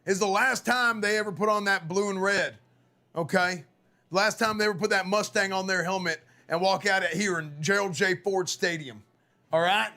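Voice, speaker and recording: Hoarse guy yelling coach pep talk on stream, high bright voice, swears a lot. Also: normal speed. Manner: loud, profane, rallying. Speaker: streamer playing a football coach. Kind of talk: mock locker-room pep talk, live gaming stream.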